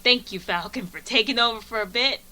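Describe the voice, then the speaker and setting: A woman voicing a cheerful, self-satisfied male superhero returning to his post, speaking in a breezy, drawn-out way during casual podcast chat. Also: a little high, bright, forceful tone, a little hiss or hum, pitched above the performer's own voice. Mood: smug.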